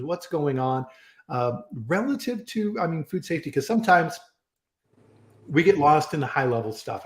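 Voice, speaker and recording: Chatty male live-stream host, echoey room. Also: medium pitch. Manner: chatty, rambling, frequent restarts and fillers. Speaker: host of a live online food safety chat. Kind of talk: casual live-stream chat. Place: home in Colorado. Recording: roomy echo.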